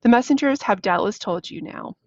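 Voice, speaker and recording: A woman reading the lines of a proud, short-tempered king from a play, slowly and deliberately, on a dull, dry recording. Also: on the high side, expressive, dry recording. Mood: pleading, angry.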